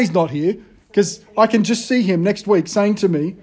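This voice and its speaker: A high-voiced pastor in his thirties, talking to his congregation like a friend. He tells stories against himself with animated energy. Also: moderate pace, slightly rough, soft background music. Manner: self-deprecating, animated storytelling. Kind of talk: casual conversational sermon.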